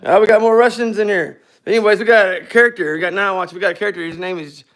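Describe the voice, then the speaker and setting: A man's voice: high voice, steady tone, quick pace, fairly bright tone. A man co-hosting a scooter garage live stream, chatting in a loose, joking, rambling way. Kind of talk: casual live-stream chat.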